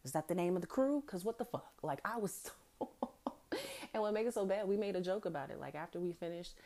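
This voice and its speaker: A woman with a slightly low voice hosts her podcast and tells a story in a candid, casual way. She talks frankly and swears freely. She laughs often and acts out what others said. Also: lively intonation, a little fast, dark tone. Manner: frank and profane, laughing often, acting out quotes. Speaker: podcast host.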